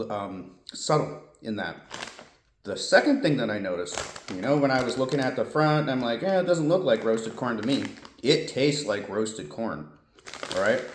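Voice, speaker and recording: A man's voice: medium pitch, roomy sound, a little hiss or hum. A man reviewing snacks and drinks in a casual vlog, chatty and thinking aloud, often correcting himself. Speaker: food reviewer.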